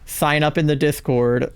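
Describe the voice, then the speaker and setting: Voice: medium pitch, a little mellow, smooth. A live game streamer chatting casually with viewers while playing, swearing freely and talking straight to chat.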